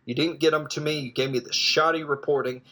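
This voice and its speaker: A man's voice: on the high side, fairly even intonation, fast talker, sharp tone. A man voicing an angry female newspaper boss while recounting a film, scolding.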